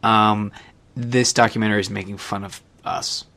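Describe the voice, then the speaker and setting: A man's voice: fairly low pitch, flat delivery, normal speed, pushed and bright. Brief: man, podcast co-host, casual chat, rambling, sheepish humor. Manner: rambling, self-deprecating, restarts a lot.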